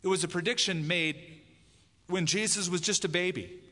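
A man's voice: high-pitched, moderate pace, bright, forceful tone. A man preaching a sermon as pastor, emphatic, dramatizing the lines he quotes. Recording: long hall reverb.

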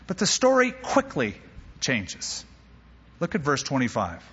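A male pastor preaching a sermon, an animated storyteller who drops humorous asides. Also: on the high side, unhurried, slightly rough, long reverb tail, dull audio.

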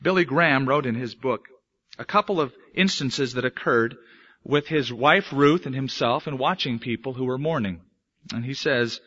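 Bright-voiced preacher, muffled recording. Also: male voice, medium pitch, moderate pace. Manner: dramatic swings between soft and emphatic delivery. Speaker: pastor. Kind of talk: sermon.

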